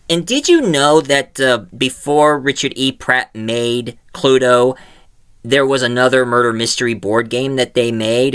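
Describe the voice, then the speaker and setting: A man's voice: mid-range voice, a bit bright, smooth. A man who makes audio dramas, talking in a casual, rambling way with frequent fillers and restarts. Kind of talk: casual vlog talk.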